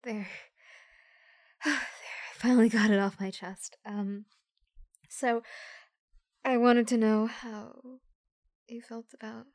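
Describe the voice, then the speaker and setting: A woman voicing a shy young woman who nervously confesses her love to a close friend, in a soft, halting whispered role-play with giggles. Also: a little high, little pitch movement, no room sound. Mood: bashful.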